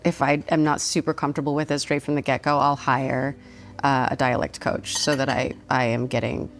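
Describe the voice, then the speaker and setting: A woman chatting as a guest over tea, gushing and expressive. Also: rumbling low, a little fast. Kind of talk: casual chat.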